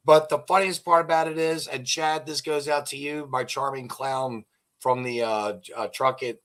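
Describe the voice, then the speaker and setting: A man's voice: fairly high pitch, sharp tone. An older man hosting an interview, telling long rambling jokes and anecdotes and acting out their dialogue. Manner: rambling storyteller, acts out joke dialogue. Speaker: podcast host. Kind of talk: casual interview chat.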